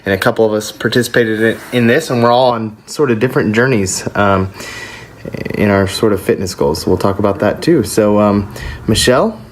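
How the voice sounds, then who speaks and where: A man's voice: lowish voice, steady tone, brisk, a little hiss or hum. A man hosting a casual podcast, easygoing and loose, with frequent ums and restarts. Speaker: podcast host.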